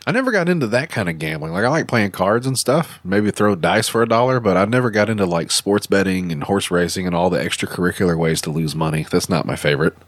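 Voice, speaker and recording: Male podcast host, low voice, dry close sound, profane and animated storyteller. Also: quick pace, hardly any pauses, no room sound. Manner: profane, animated storytelling with loud mock-quotes. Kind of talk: casual chat.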